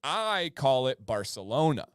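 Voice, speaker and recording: A man's voice: medium pitch, sing-song, unhurried, clear, resonant tone, dry recording, studio quality. A man co-hosting a casual livestream chat, chatty and acting out pronunciations as he explains. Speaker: co-host.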